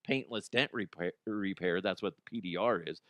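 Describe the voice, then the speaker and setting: A man's voice: low voice, moderate pace, fairly bright tone, no room sound. A man hosting a comedic podcast, telling stories in a loose monologue, swearing often and laughing at his own jokes. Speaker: podcast host.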